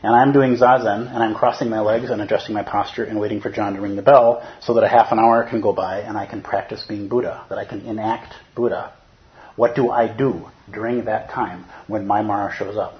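A man's voice: lowish voice, fairly even intonation, fairly quick, dull audio. A man teaching as a Zen teacher in a dharma talk, conversational and humorous, often checking in with listeners.

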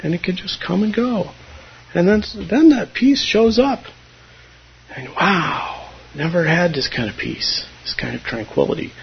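A man's voice: high voice, lively intonation, unhurried. A man giving a conversational, humorous Zen dharma talk, now and then acting out his students' voices. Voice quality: husky. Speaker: Zen teacher. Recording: dull lo-fi recording.

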